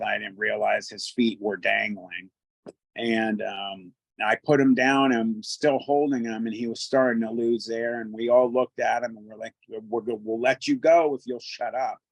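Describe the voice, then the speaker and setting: A man casually telling a first-person encounter story in a halting way, often repeating his words. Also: lowish voice, creaky, no room sound, poor audio.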